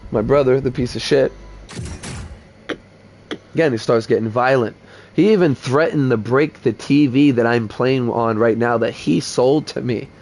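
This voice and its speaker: A man's voice: mid-range voice, a little mellow, a little hiss or hum. A man telling a heated personal story in blunt, profane talk while playing a game on stream. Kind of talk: casual gaming stream storytelling.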